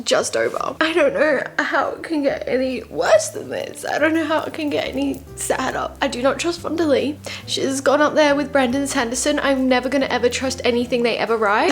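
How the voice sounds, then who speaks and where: A young woman vlogging about books in a casual, rambling way, openly emotional and gushing about what she reads. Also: high voice. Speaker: book vlogger. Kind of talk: casual reading vlog.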